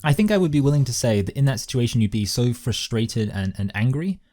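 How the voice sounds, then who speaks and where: A man's voice: mid-range voice, lively intonation, fast, dark tone, no echo. A man co-hosting a film review podcast, thinking aloud in casual chat and using words like bloody and mate. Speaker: podcast co-host.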